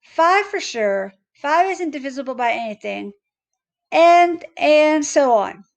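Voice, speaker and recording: A woman's voice: high voice, animated, slow, vocal fry, full character voice. A woman voicing a stubborn, impatient young boy who grumbles and talks back. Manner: grumbling, defiant.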